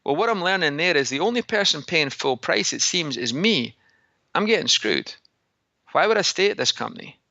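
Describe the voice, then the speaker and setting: A man hosts a casual podcast lesson in a put-on Scottish accent, with a bright, forceful tone. He tells stories and asks rhetorical questions in a chatty way. The audio is dry and a bit dull and lo-fi. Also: fairly high pitch, expressive, moderate pace, gravelly, dry recording. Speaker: segment host, fitness business coach.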